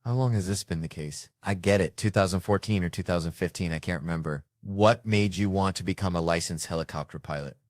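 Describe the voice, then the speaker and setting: A man's voice: low-pitched, brisk, few pauses, no echo, studio quality. A man, a touring comedian, chatting casually as an interview guest and telling rambling, joking stories. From United States.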